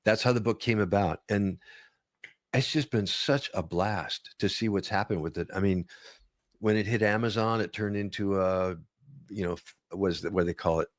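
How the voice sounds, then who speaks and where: Low-voiced storytelling man, dry sound. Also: normal speed, no room sound. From northern Minnesota. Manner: animated storyteller, slips into playful impressions. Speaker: guest, voice-over artist and author. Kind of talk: casual interview chat.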